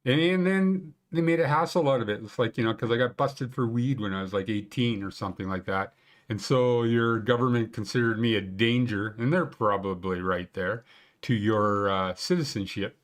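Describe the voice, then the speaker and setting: Speaking at a normal speed in a lowish voice, a man runs an easygoing live stream about Banff-area ski conditions. He chats, jokes and meanders with viewers, packing in lots of fillers.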